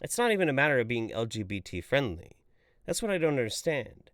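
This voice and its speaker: A man hosts a livestream and rants through the chat messages with plenty of swearing. His pitch leaps around as his exasperation builds. The sound is close and dry, with no room echo. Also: sing-song, brisk. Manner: profane, exasperated ranting; swings between loud outbursts and mumbled asides. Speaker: commentary streamer reading viewer chats. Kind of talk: livestream commentary.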